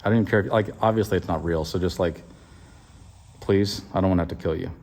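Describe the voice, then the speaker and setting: A man voicing a temperamental ancient king who begs in a low, whiny voice and then shrieks in anger. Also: fast. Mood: pleading. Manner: whiny pleading, then shrill shouting. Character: temperamental ancient king, grown man, swings from pleading to rage.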